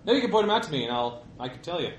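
A man's voice: on the high side, sing-song, racing. A man playing a character in a tabletop horror game, talking casually and hesitantly. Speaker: player. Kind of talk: casual tabletop role-play. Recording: echoey room, faint hiss.

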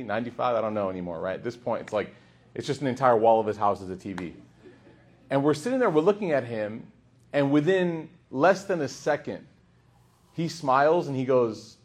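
Animated male preacher telling a story. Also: medium pitch. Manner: animated, humorous, acts out quoted voices. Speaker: religious teacher. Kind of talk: storytelling sermon.

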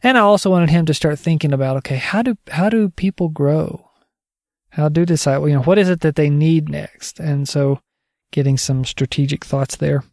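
A man's voice: on the high side, normal speed, a little mellow, no echo, studio quality. A man giving a casual spoken teaching update on discipling others, conversational and digressive, thinking aloud as he goes.

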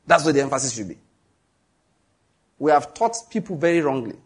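A Nigerian man preaching with a Nigerian accent, his voice a little raised in pitch and husky around the edges. He drives his points home emphatically, reads scripture at a slow, deliberate pace and trades jokes with the congregation. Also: animated. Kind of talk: sermon.

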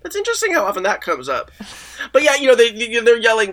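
A man's voice: extremely high pitch, wildly swooping pitch, fast, fairly bright tone. A man as a comedic podcast guest in an improvised interview, rambling, stammering and justifying himself.

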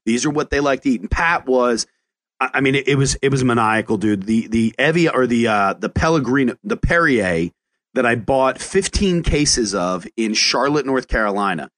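A man hosting a podcast as a chef. He talks casually in an animated, profane way and often stumbles into restarts as he tells stories. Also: medium pitch, moderate pace. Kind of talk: casual chat.

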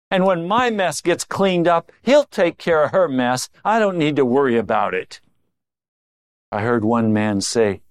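Slow, emphatic male preacher. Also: no room sound, clean studio sound. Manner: dramatic swings between low intimate tones and raised emphatic lines. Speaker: pastor. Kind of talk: sermon.

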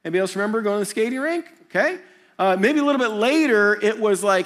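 A middle-aged man preaching a sermon, telling jokey stories and acting out quick voices. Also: high-pitched. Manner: animated, jokey storytelling with acted-out voices. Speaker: pastor.

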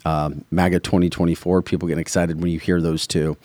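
A man hosting a casual political talk podcast, blunt and opinionated, rattling off quick asides. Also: deep voice, flat delivery, darkish tone, no echo. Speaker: podcast host.

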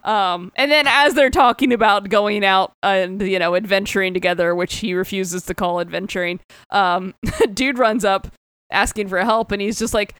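A woman's voice: mid-range voice, normal speed, fairly bright tone, clean tone, dry recording. A woman co-hosting a podcast, retelling a comic in casual chat, giggling and swearing as she rambles. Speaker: podcast co-host.

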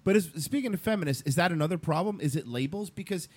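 Higher-voiced guy, super animated, gets emphatic and trips over his words. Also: fast. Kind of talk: casual podcast discussion.

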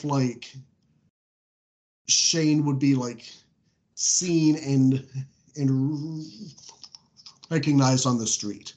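A man's voice: medium pitch, very slow, long pauses, darkish tone, a little hiss or hum. Man, podcast co-host, casual chat, rambling, lots of fillers, laughs often.

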